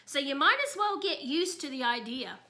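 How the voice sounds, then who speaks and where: A woman reading aloud gives voice to a patient father who calmly reasons with his son. The voice stays bright and fairly high, as in a storybook reading. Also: moderate pace, heavily acted. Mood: firm.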